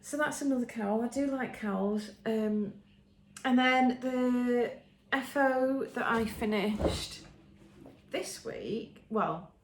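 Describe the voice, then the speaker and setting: A woman's voice: fairly high pitch, slow, a little hiss or hum. Chatty English woman in a roomy room. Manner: chatty, enthusiastic, frequent ums and restarts. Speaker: podcast host showing knitting. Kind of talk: casual show-and-tell chat. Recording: roomy echo.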